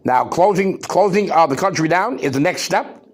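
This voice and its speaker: Lively intonation marks this male podcast host's high-side voice as he speaks at a moderate pace. He rants loudly and emphatically, worked up and firing rhetorical questions.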